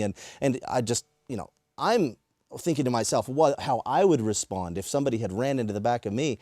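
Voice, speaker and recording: Man, preacher telling a story, mellow warm tone, dry close sound. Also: mid-range voice, fast, no echo. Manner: lively retelling with acted-out quotes. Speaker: preacher and workshop presenter. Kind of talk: personal storytelling for teaching.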